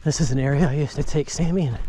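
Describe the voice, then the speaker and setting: A man with a somewhat high voice films himself on an outdoor nature trail with a handheld phone. He talks candidly and reflectively, spurring himself on as he walks and jogs. Faint noise sits behind his voice. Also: fast talker. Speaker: bereaved father vlogging. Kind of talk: candid walking-and-jogging vlog.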